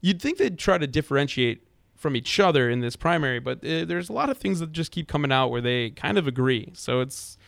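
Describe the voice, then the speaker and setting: A man's voice: fairly high pitch, lively intonation, fairly quick, vocal fry, no room sound, studio quality. A man co-hosting a political call-in show, rambling with frequent restarts. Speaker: radio talk show co-host. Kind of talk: casual political call-in talk.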